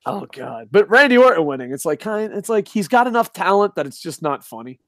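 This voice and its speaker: A man's voice: sits high, sing-song, brisk, a bit bright, dry recording, studio quality. A man co-hosting a casual wrestling chat, sarcastic and swearing freely, laughing at his own jokes. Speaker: podcast co-host.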